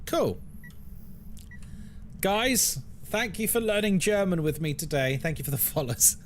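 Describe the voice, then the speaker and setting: Playful man streaming with lively pitch. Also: unhurried, slight background noise. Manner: playful, joking, laughs often. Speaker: horror game streamer. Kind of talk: casual live-stream chat.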